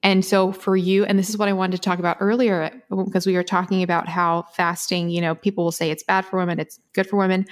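A woman co-hosting a podcast, talking casually and quickly with frequent laughs and restarts. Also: mid-range voice. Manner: chatty, fast, laughs often, many restarts. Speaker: podcast co-host.

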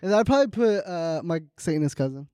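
Young podcast host guy, high voice, dry close mic, laughing and cursing a lot. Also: animated, fast, mellow, smooth, no echo. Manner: laughing, swearing, loose. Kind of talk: casual chat.

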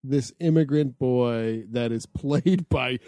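A man's voice: mid-range voice, takes it slowly, dark tone, dry recording, clean studio sound. A man co-hosting a casual movie podcast, dropping wry jokes and asides. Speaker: podcast co-host.

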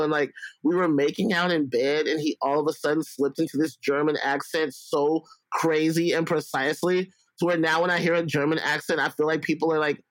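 A man's voice: fairly high pitch, dry recording, low-quality recording. Playful, profane, rambling male guest from Alabama, dry close sound. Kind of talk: casual interview chat.

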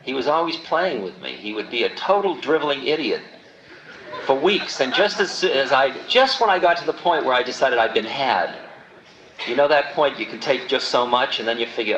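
A man in his forties tells a spiritual story with lively, acted-out voices. The old tape sounds roomy and dull, with a faint hiss behind him. His voice sits at a middle pitch. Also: normal speed. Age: 40s. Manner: animated storytelling, acting out quoted voices. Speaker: spiritual teacher. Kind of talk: storytelling talk.

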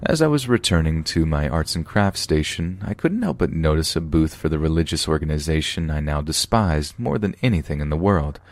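Deep-voiced man reading horror stories. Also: animated, brisk, hardly any pauses. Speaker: podcast narrator. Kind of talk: scripted narration of true horror stories.

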